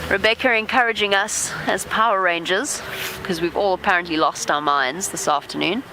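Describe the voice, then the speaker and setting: A woman presenting a live safari broadcast from an open vehicle, chatting lively and talking softly to animals. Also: medium pitch, normal speed, noisy background. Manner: chatty, warm toward animals, lively asides. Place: open safari vehicle outdoors in rain and wind.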